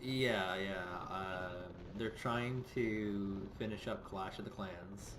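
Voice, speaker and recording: A man co-commentating a strategy game match in a relaxed, joking way. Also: low-pitched, slow pace, background noise. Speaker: game caster. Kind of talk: esports commentary.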